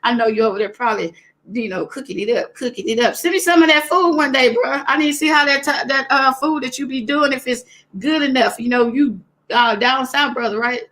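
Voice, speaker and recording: Brisk and high-voiced, this livestream host chats casually, welcoming viewers by name as she recounts a story peppered with animated side comments.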